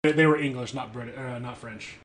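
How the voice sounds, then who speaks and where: A man's voice: mid-range voice, brisk. A man co-hosting a podcast, explaining things in a wry, casual, swearing style. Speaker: podcast co-host. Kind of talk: casual chat.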